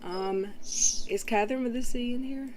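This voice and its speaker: A woman's voice: a little high, normal speed, darkish tone, slight background noise. A woman hosting a casual livestream, rambling with fillers as she reads and answers chat comments. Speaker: livestream host.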